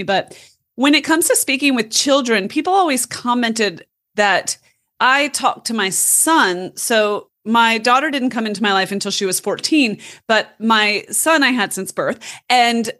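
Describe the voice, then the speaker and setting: Woman podcast host, fairly high voice, casual and chatty, pokes fun at herself. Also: animated, moderate pace, a bit bright. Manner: chatty, self-deprecating, laughs often. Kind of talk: casual interview chat.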